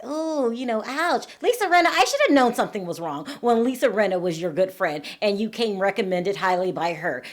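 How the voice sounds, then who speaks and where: A woman's voice: mid-range voice, very animated, fairly quick, few pauses. A woman hosting a celebrity gossip commentary, sarcastic and indignant, often exclaiming at what she reads out. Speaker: reality TV commentary host.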